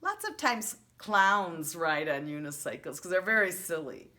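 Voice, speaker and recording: A woman teaching a virtual preschool lesson to young children, drawing out letter sounds in a slow, exaggerated way. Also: lowish voice, very animated, sharp tone.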